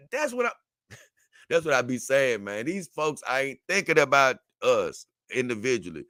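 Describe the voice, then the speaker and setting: Forceful, bright-voiced man hosting a livestream. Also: medium pitch, a little slow, dry recording, studio quality. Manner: loose, animated and repetitive, with slang and frequent "man" and "brother". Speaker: livestream host reading viewer comments. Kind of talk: casual livestream chat.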